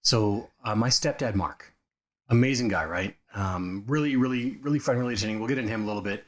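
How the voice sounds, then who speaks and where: A man co-hosting a podcast, telling childhood stories in a casual, animated way and acting out the quotes. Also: on the low side, quick pace. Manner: animated storyteller, acts out quotes. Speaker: podcast co-host. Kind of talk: casual chat, storytelling. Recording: studio recording of modest quality.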